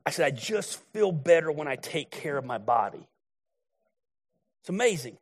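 A middle-aged man preaching with a twang, his voice pitched a little high for a man. He talks bluntly and folksily, spinning stories as he goes. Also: sing-song, normal speed, slightly rough. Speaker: pastor. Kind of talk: sermon.

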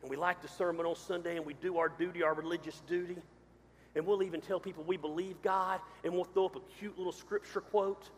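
A man preaching a sermon as pastor, swinging from loud to quiet. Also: a little high, slight background noise. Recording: hall reverb.

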